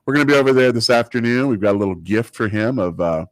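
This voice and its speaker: A man's voice: mid-range voice, expressive, fast talker, no room sound. A man chatting casually as a guest, upbeat and jokey, talking up local events. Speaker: chamber of commerce guest. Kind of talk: casual chat.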